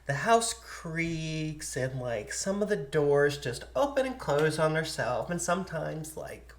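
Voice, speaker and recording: Podcast host, casual storyteller, acts out quoted people, mid pitch. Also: sing-song, takes it slowly. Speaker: podcast host telling a true haunting story.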